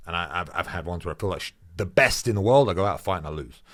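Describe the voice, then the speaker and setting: A man with a low, deep voice speaks as a fighter guesting on a podcast. He is blunt and emphatic and swears freely in casual conversation. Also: expressive, fast talker, a bit bright.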